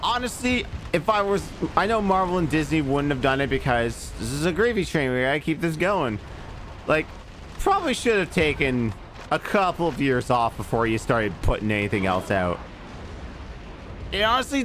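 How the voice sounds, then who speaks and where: A man's voice: very animated, moderate pace, a bit bright, slight background noise. A man streaming a video game in casual chat, rambling off into profane asides about movies. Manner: rambling, profane movie digressions with swooping pitch. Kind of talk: casual let's-play chat.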